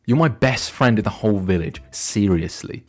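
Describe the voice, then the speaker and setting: A man's voice: on the low side, animated, normal speed, over music. A young man streaming a game, rambling and joking crudely in casual banter. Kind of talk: casual gaming stream commentary.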